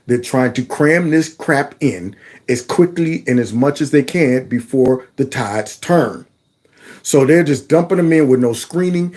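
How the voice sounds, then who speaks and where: An indignant man talks back to news footage, firing off rhetorical questions and casual asides to his viewers. His voice sits at a middling pitch for a man, and he keeps up a running commentary between the clips. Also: darkish tone. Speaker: commentary channel host.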